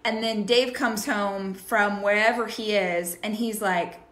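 Bright thirties woman co-host, playful storyteller, echoey room. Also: mid-range voice, a little slow, few pauses. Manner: animated storytelling, playful teasing. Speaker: podcast co-host. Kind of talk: casual chat.

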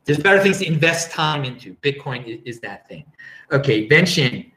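A man's voice: mid-range voice, sing-song, moderate pace, sharp tone, reverberant, rough recording. A man hosting a casual live-streamed show, rambling and chatty as he reads out viewer comments. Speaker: show host.

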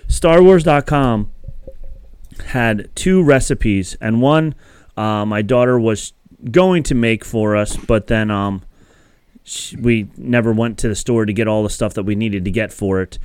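A man's voice: lowish voice, a little slow, a little mellow, clear, resonant tone. A man hosting a podcast in casual chat, rambling and chatty and laughing often between thoughts. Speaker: podcast host.

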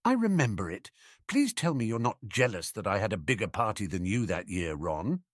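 A man voicing an anxious young girl who pleads softly and earnestly with her brother. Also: lowish voice, sing-song, moderate pace, no echo, studio quality. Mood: wary. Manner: soft, nervous, earnest pleading.

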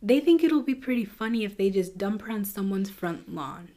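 A woman hosting a podcast, telling a true crime case in a casual, chatty way with quick asides. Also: medium pitch, lively intonation, warm tone. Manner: chatty, fast asides with nervous laughs. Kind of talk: casual storytelling.

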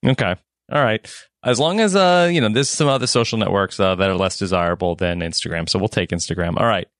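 A man in his forties hosting a podcast in casual chat, easygoing and quick to laugh. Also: on the low side, no echo, studio quality. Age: 40s. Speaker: podcast host.

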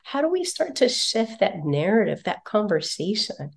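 A woman's voice: medium pitch, moderate pace, gravelly, slightly rough. A woman in her forties talking casually on a parenting podcast, telling personal stories and acting out the voices of the people in them. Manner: animated storyteller, acts out quotes. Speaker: parenting guest.

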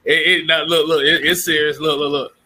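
A man co-hosting a casual sports talk show, animated and quick to laugh. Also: a little high, slightly rough. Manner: animated, laughs often, repeats "hold on". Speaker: co-host.

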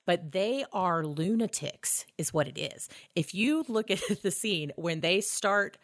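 A woman with a lowish voice co-hosts a casual podcast about films. She gushes and curses as she retells scenes, jumping into characters' lines. The sound is dry and close to the mic. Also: expressive, measured pace, no echo. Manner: enthusiastic, profane, acts out characters' lines. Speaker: podcast co-host. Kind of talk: casual film discussion.

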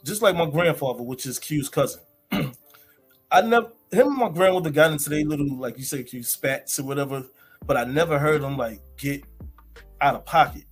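A man's voice: on the high side, brisk, soft background music. A man in a casual group discussion, telling stories in a laid-back way, laughing often and checking in with listeners. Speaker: discussion panelist.

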